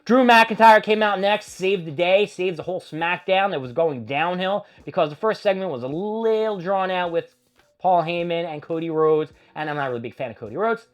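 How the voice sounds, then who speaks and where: A man's voice: sits high, normal speed. A man hosting a casual wrestling recap, rambling and opinionated with plenty of swearing. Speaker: host.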